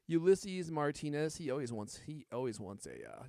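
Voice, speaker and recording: A man's voice: fairly high pitch, sing-song, moderate pace, creaky, darkish tone, no room sound, clean studio sound. A man hosting a live-streamed podcast in a casual, joking way, teasing his co-hosts and reading out viewer comments. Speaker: podcast host.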